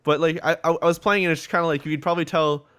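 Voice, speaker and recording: Male podcast co-host, quick rambling gamer chatter. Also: on the high side, fairly even intonation, a bit bright, clean tone. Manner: rambling, full of "like" and quoted asides. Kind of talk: casual gaming chat.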